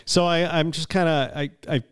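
A man in his fifties co-hosting a podcast, telling a story in a wry, unhurried way in casual chat. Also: a little high, fairly even intonation, clear, resonant tone. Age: 50s. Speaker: podcast co-host.

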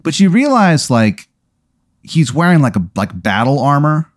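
A man's voice: a little high, big pitch swings, measured pace, no echo, clean studio sound. A man narrating an improvised tabletop game as game master, casual, with many fillers and swearing.

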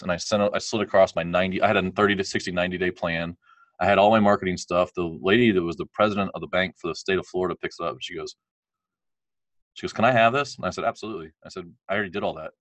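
A man's voice: low voice, fairly bright tone, no echo. A man in his thirties, a guest telling a candid, rambling life story with frequent laughs.

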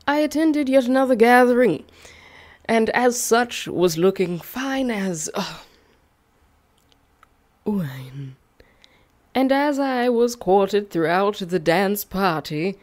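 A young woman chatting casually to her viewers in a vlog. She talks in an animated way, swoops up in pitch on questions and asides, and laughs often between thoughts. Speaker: YouTuber.

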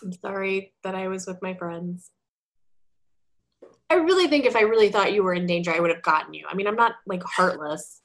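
A woman's voice: mid-range voice, lively intonation, a little fast. A woman in casual chat as a podcast co-host, talking in a chatty way with many fillers.

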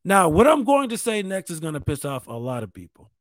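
Man, host from New York State, casual profane ramble, self-mocking, high-pitched, dry close sound. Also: sing-song, fairly quick, dry recording. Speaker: podcast host. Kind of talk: casual monologue.

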